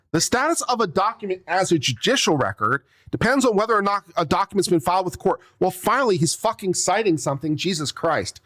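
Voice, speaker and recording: An attorney commentator reads out a legal brief, breaking it down with sarcastic, exasperated comments and the occasional cough. His voice is high-pitched and a bit bright, with lively intonation and a brisk pace.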